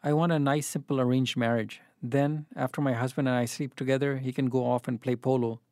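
A man's voice: mid-range voice, little pitch movement, a little fast, darkish tone, dry recording, lightly acted. An anxious young woman who badly wants a baby, read by a man in his own voice. She sounds nervous and pleading. The recording is dry and close.

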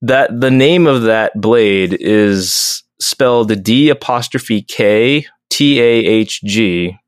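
Low-voiced man, dry joking podcast host. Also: slow, no echo. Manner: hesitant restarts, dry jokes. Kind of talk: casual chat.

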